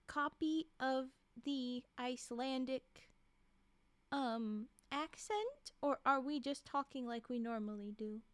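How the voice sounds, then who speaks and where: A woman's voice: sits high, dry recording. A woman streamer reading a storybook aloud, breaking off for giggly, chatty asides.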